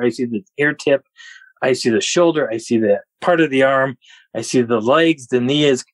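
A man guest on a podcast, telling a story in an animated way and laughing often. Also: mid-range voice, no echo, rough recording. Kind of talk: storytelling an encounter.

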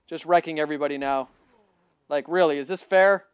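A man giving excitable live gameplay commentary, boasting, repeating himself and bursting into loud yelling. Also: on the high side, brisk, clear, resonant tone, no echo. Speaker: gaming livestreamer.

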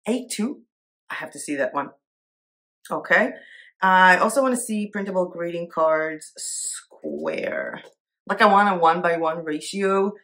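Woman rambling while she browses online, kinda low voice, giggly, thinking out loud. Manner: chatty, thinks aloud, giggles easily. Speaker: Etsy seller and art vlogger. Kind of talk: casual screen-share commentary.

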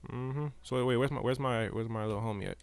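A man's voice: medium pitch, steady tone, quick pace, clean tone, dry recording. A man giving casual, chatty commentary while streaming a video game, talking to his chat and to the characters on screen. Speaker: gameplay streamer. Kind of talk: casual live gameplay commentary.

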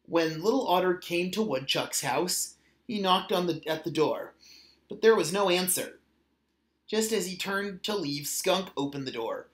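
A man reading a children's picture book aloud in a gentle, measured way. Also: high voice, expressive. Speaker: storyteller. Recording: roomy echo.

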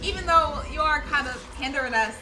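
A woman giving excitable, casual commentary while playing a video game, trash-talking and repeating her lines. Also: sits high, brisk, noisy background. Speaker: gaming streamer.

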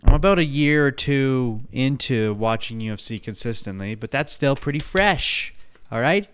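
A man's voice: medium pitch, lively intonation, moderate pace, fairly bright tone, clean tone. A man hosting a podcast on his own, rambling and swearing in a jokey, casual way. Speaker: podcast host. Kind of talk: casual solo podcast rant.

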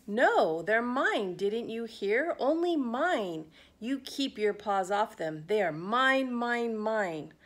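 A woman voicing a greedy, shouty pug dog. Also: on the high side, sing-song, slow, hardly any pauses, full character voice. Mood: possessive. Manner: shouty, possessive.

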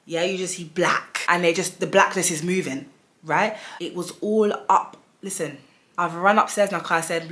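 A woman in her thirties tells a story to her vlog audience with animated, dramatic energy. Her voice sits a little low, and she keeps dropping casual fillers as she goes. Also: moderate pace. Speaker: vlogger.

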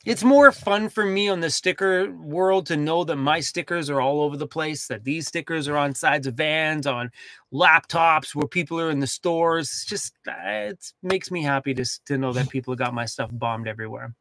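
A young man chatting casually to viewers from inside his van, lively and talkative, fussing over his dog. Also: fairly high pitch, normal speed, no room sound. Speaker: van life vlogger. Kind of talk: casual livestream chat.

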